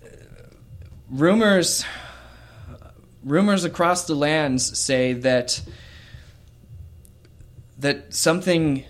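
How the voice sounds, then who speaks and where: A man narrating a tabletop game as game master, in a relaxed, halting way. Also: on the high side. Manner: relaxed and halting, with many fillers.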